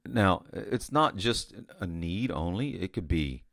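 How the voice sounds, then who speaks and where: A man with a deep, gravelly, slightly bright voice preaches slowly but animatedly, relating a vision in a conversational manner. He restarts often, repeats words and leans on "you know." Studio quality, no room sound.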